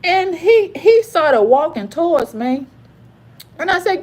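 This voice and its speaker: A woman in her fifties telling a story in an angry, profane rant, repeating herself and swinging from low growls to high cries. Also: sing-song, slow, darkish tone. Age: 50s. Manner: angry, profane, repetitive ranting. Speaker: vlogger. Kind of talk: heated storytime monologue.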